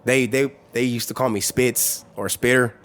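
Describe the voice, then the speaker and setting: A man's voice: mid-range voice, fairly even intonation, normal speed, a bit bright, a little hiss or hum. A man from the Los Angeles area, a podcast guest telling stories in a casual way with lots of profane street slang. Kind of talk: casual storytelling.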